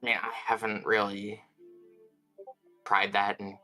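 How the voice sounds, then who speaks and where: A woman speaks in character during an online tabletop game, calm and steady. Her voice is bright and flat in pitch, staying on one level. Faint music plays behind her. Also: measured pace. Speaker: player.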